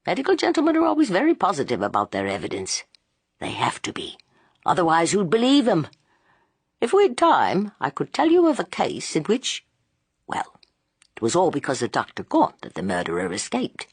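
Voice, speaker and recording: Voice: medium pitch, wildly swooping pitch, moderate pace, slightly rough, dry recording, pitched above the performer's own voice, heavily acted. An audiobook reader voicing a kindly, plain-spoken police inspector who talks in a colloquial way. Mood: confiding. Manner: colloquial, good-natured.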